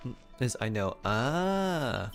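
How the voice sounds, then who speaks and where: A man streams a game, chatting casually in a medium-pitched, sing-song voice at a slow pace. Laid-back, he reads chat aloud and hums and scats to himself between remarks. Faint music plays in the background.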